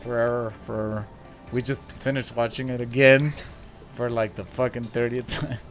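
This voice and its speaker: A man from El Paso co-hosting a pop-culture podcast, laid-back and swearing casually in relaxed chat. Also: medium pitch, moderate pace, faint music behind. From El Paso, Texas. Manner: laid-back, swears a lot, laughs often. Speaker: podcast co-host.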